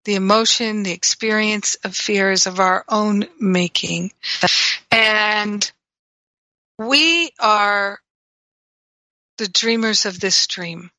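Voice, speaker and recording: A woman's voice: medium pitch, slow, long pauses, sharp tone, no room sound, rough recording. A woman teaching in a reflective spiritual talk, telling stories and acting out her own reactions. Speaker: spiritual teacher and radio host.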